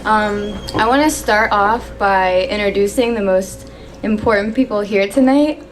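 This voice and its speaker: At a wedding reception, a young woman with a mid-range voice gives a maid of honor toast, reading from her phone. She gets emotional and pauses to steady herself, with slight background noise audible.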